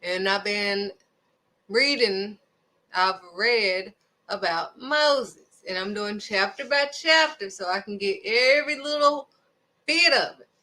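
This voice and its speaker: A woman's voice: mid-range voice, takes it slowly, sharp tone. A woman hosting a devotional video, preaching casually and emphatically, firing off rhetorical questions. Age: adult, raising children.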